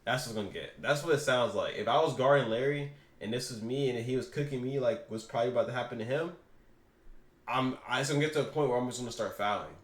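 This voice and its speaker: A man reacting to clips, talking casually and excitedly to his viewers in slang. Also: medium pitch, quick pace, reverberant. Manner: animated, slangy, talks to viewers. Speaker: reaction streamer.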